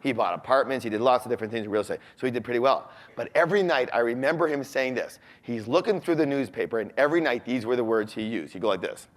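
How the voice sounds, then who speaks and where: A man's voice: mid-range voice, quick pace, hardly any pauses, slight background noise. A man giving a motivational seminar talk to a live audience, often asking them questions. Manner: animated, asks the audience questions. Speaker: seminar speaker. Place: large room with a live audience.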